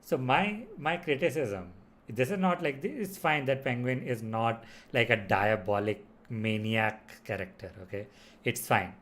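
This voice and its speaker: A man's voice: medium pitch, unhurried, fairly bright tone. A man giving a casual spoken film review, rambling with lots of fillers and restarts. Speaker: movie reviewer.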